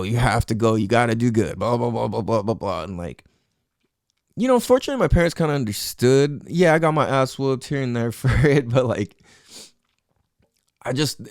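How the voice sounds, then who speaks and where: A man's voice: medium pitch, a little mellow, dry recording, studio quality. A young man hosting a podcast, telling a personal story in a casual, profane, rambling way full of "like" and "you know what I'm saying". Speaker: podcast host. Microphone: headphones with mic.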